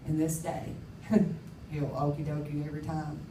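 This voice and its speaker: A low-voiced woman speaking at a conference gives a candid, emphatic personal testimony, often laughing at herself, yet her delivery is entirely flat and her pace measured. She stands far from the mic in a roomy hall, with background noise audible.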